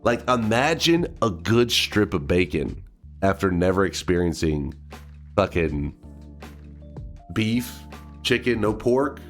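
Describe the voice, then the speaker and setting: A man's voice: sits low, big pitch swings, takes it slowly, long pauses, faint music behind. A man from Texas, a game streamer with a stuffed-up nose, chatting casually on a livestream in a rambling, swearing way. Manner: rambling, swearing, laughing to himself.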